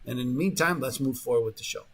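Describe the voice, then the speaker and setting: A man's voice: mid-range voice, fast, a bit bright. A man hosting a talk radio show, rambling in a casual monologue full of fillers and restarts, sometimes mocking the voices of the people he quotes, in a radio studio.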